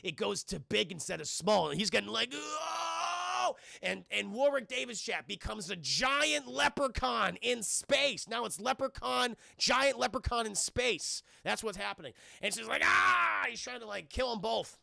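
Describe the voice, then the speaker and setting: Gravelly, bright-voiced man recapping a film. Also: high voice, moderate pace, hardly any pauses, no echo. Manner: animated, profane, keeps addressing chat; thanks viewers for donations mid-recap. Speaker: film reviewer streaming live. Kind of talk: casual spoiler-heavy film recap to live chat.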